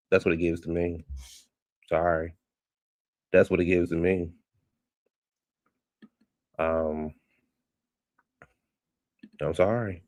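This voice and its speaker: A man's voice: sits low, vocal fry, darkish tone, no room sound, studio quality. A man giving a sassy, gossipy casual recap of a reality show, talking straight to his viewers.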